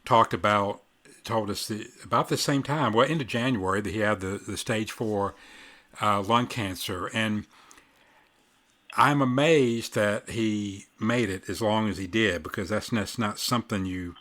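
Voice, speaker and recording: A man hosts a casual podcast, with a bright, forward tone. He talks reflectively and rambles a bit, circling back and restarting his sentences. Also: lowish voice, a little slow. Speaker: podcast host. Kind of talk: casual tribute chat.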